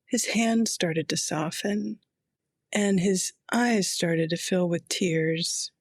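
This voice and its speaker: Brief: middle-aged woman chaplain, reflective storyteller, quiet intensity, very slow pace. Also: lowish voice, dry recording, studio quality. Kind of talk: personal storytelling.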